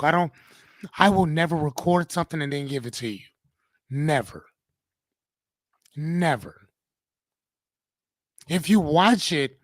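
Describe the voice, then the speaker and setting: Man, motivational live stream host, casual and profane, fairly high voice, dry close sound. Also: dry recording. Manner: casual, profane, keeps asking "right?".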